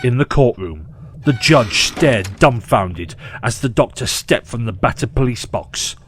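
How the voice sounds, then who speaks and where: A man narrating an audio short story in a measured, expressive way. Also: medium pitch, slight background noise.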